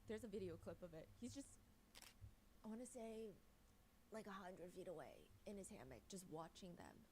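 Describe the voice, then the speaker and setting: A woman's voice: normal speed, slight background noise, low-quality recording. A woman casually retelling a true crime story, acting out the people she quotes with big swings in her voice. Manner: animated, acts out quoted people with lively pitch swings.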